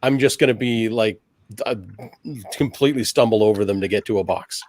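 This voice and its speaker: A man's voice: on the low side, a little fast, darkish tone, no room sound. A man playing a tabletop game, chatty and playful. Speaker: player. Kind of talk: casual tabletop play.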